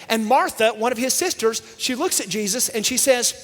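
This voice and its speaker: A man telling a Bible story to children in lively style, energetically calling for the audience to answer back. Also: very high-pitched, fairly quick, few pauses. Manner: energetic, calls out for audience responses. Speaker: children's minister. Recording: long reverb from a large hall.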